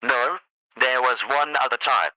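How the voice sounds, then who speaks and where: A man's voice: mid-range voice, unhurried, sharp tone, dry recording, rough recording. A man voicing a male doctor under questioning, through a radio demon voice filter, with terse, defensive answers. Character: male doctor questioned after a deadly incident.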